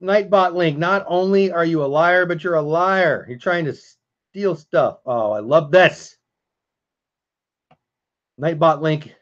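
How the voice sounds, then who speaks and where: A man's voice: fairly high pitch, slow pace, long pauses, muffled recording. A man hosting a casual live stream, chatting with viewers and answering chat as he goes.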